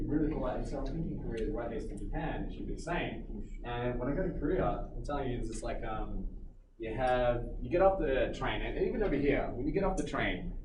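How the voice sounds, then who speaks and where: Animated man telling a story in an echoey room. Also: mid-range voice. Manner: animated, acts out quotes, laughs a lot. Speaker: storyteller recounting a trip. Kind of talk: casual anecdotal chat. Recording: roomy echo, distant mic, background noise.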